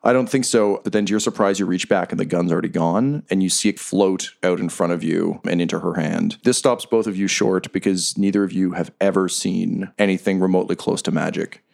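A man's voice: sits low, steady tone, brisk, creaky, hardly any pauses, darkish tone. A man narrating as game master for a tabletop role-playing game, casual and descriptive. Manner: casual, describing scenes at length.

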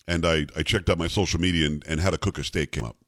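Man, talk radio host, from South Florida, emphatic and opinionated, rapid-fire, dry close sound. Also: a bass voice, fairly even intonation, fairly bright tone, no room sound. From South Florida, USA.

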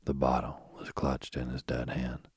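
A man reading a spooky bedtime story in a soft, slow, husky whisper, close to the mic. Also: very deep voice, monotone, no room sound.

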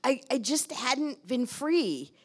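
A woman's voice: sits high, very animated, takes it slowly. A middle-aged woman giving a candid, conversational storytelling talk to an audience, acting out the dialogue she recounts. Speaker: speaker addressing an audience.

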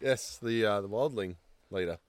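A man co-hosting a casual podcast, loud and excitable, swearing while bantering and answering quiz questions. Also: on the low side, moderate pace, no echo, studio quality. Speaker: podcast co-host.

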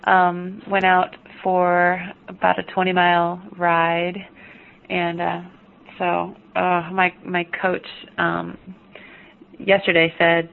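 A woman's voice: on the low side, monotone, unhurried, creaky, phone-quality sound. A woman co-hosting a podcast, chatty and self-deprecating, telling stories casually. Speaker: podcast co-host.

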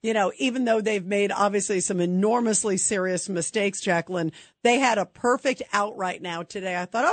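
A woman hosting a call-in radio show, talking in an animated way and acting out mocking quotes. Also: mid-range voice, normal speed, few pauses, dry recording. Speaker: talk radio host.

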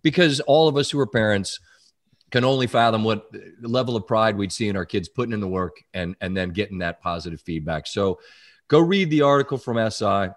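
A man's voice: fairly low pitch, a little fast. A man hosting a podcast in casual chat, teasing his guest and openly sentimental. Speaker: podcast host.

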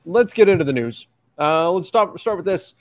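A man's voice: sits high, animated, dry recording. Chatty male podcast host, dry close sound. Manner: steers the talk, brisk and chatty. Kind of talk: casual sports chat.

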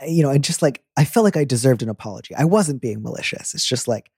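Playful mellow-voiced man hosting advice chat. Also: mid-range voice, fast talker, slightly rough, dry recording, clean studio sound. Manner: playful, jokey, animated impressions. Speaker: advice podcast host.

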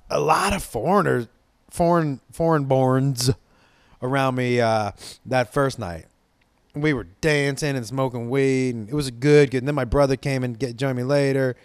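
A man's voice: mid-range voice, clean tone, dry recording, clean studio sound. A man from Los Angeles telling a casual, rambling story, swearing freely and restarting his sentences as he goes. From Los Angeles, USA. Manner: rambling, profane, excitable.

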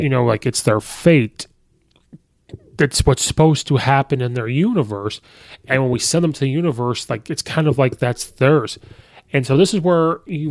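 A man's voice: mid-range voice, darkish tone, no echo. Man, podcast host, casual film recap, rambling with fillers, dry close sound. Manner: rambling, filler-heavy recap with quick quoted asides. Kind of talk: casual movie review.

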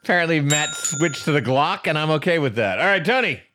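Animated high-voiced man joking around. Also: a little fast, noisy background. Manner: joking, mock-indignant, laughs often. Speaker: podcast co-host. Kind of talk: casual comedic podcast banter.

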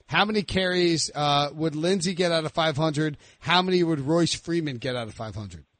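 A man with a high voice hosts a casual sports podcast. He asks his questions in an eager, rambling way. His voice sounds dry and close to the mic. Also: normal speed, a bit bright, no room sound. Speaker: podcast host.

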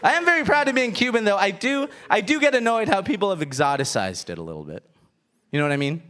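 A man in his thirties, a stand-up comedian, talking in an animated, self-mocking way with frequent laughter. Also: high voice, fairly quick, a faint crowd. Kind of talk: stand-up set, then interview.

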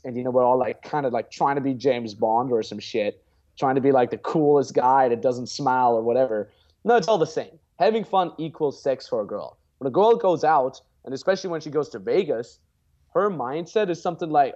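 A man's voice: medium pitch, expressive, brisk, darkish tone, muffled recording. A man in his twenties, a guest dating coach, chatting casually in a blunt, profane way and acting out example lines. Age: 20s. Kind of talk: casual podcast chat.

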